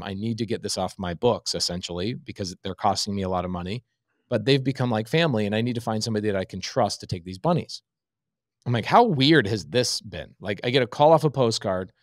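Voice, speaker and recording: A man in his thirties telling an animated story in a podcast interview, acting out the dialogue as he goes. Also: fairly low pitch, no room sound, clean studio sound. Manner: lively anecdotal, acts out quoted dialogue. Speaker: real estate investor guest.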